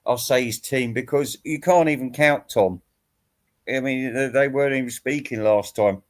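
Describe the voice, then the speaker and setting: At normal speed and in a mid-range voice, a man delivers a rambling, mock-serious rant aimed at other online commentators. He's a YouTube commentator, teasing and crude, and he laughs at his own jokes.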